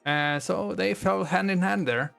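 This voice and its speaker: A man's voice: high voice, a little slow, vocal fry, a bit bright, faint music behind. A young man telling a game's story as comedy, in a casual, crude and slangy way. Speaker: gaming video creator. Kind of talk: comedic game retelling.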